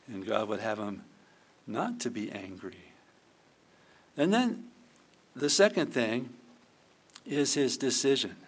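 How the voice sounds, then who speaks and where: A man's voice: medium pitch, a bit bright. Conversational man preaching a sermon. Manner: conversational preaching, acting out quoted prayers. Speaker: pastor.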